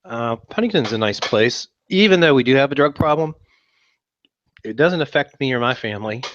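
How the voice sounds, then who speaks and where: A man's voice: medium pitch, lively intonation, normal speed, a bit bright, dry recording. Sarcastic west virginia guy on a podcast, dry close sound, bit dull and lo-fi. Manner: wry, sarcastic. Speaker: podcast co-host. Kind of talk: casual podcast banter.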